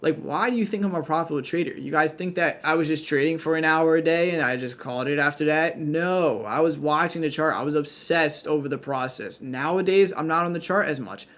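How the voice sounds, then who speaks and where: A man's voice: on the high side, a little fast, hardly any pauses, a bit bright. Blunt, emphatic young man coaching traders. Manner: repeats "you guys" and "right?". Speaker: trading coach. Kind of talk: direct-to-camera coaching.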